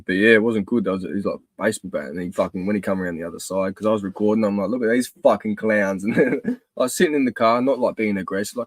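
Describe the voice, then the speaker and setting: A man's voice: fairly low pitch, fast talker, no room sound. A young Australian man chatting casually, crude and heated, with heavy swearing. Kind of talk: casual chat.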